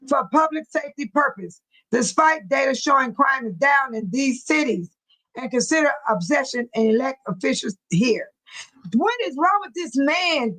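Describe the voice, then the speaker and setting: A woman's voice: high-pitched, a bit bright, rough recording. A woman hosting a casual livestream, reading news articles aloud and chatting with viewers in the comments. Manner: chatty, reads articles aloud and talks back to chat. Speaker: livestream host.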